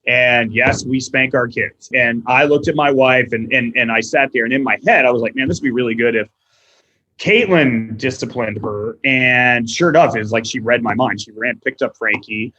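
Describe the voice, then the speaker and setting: A man in his thirties chatting casually as a podcast guest, telling animated stories and quoting people in voices. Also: medium pitch, moderate pace, hardly any pauses, muffled recording, a little hiss or hum. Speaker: podcast guest, restaurant owner.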